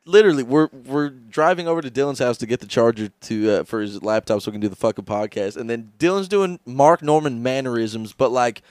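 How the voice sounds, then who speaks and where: A man's voice: medium pitch, fairly quick, few pauses, no room sound, studio quality. A young man co-hosting a podcast, crude and laughing through casual chat. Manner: laughing, crude, animated storytelling. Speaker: podcast co-host.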